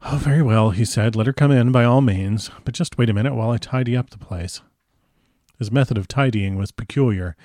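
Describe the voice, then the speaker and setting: A man's voice: medium pitch, a little fast, darkish tone, no echo, studio quality. A man reading a classic novel aloud chapter by chapter, breaking off for chatty, casual asides. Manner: chatty asides between read passages. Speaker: audiobook reader.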